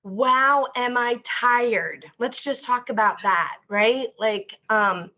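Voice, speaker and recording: A woman speaks slowly in a fairly high voice, taking her time over each thought. She talks openly and from the heart, wandering through her points with plenty of fillers. The recording sounds dull and lo-fi. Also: bright, forceful tone. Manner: open and heartfelt, rambling with many fillers. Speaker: guest, mental health therapist. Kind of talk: candid conversational interview.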